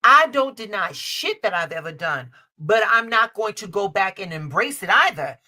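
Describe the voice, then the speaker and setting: Emphatic, bright-voiced woman host doling out advice. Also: mid-range voice, big pitch swings, normal speed. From Chicago. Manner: emphatic, repeats lines, calls listeners baby and honey, salty language. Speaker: tarot reader and show host. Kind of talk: live-stream advice reading. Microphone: streaming call setup.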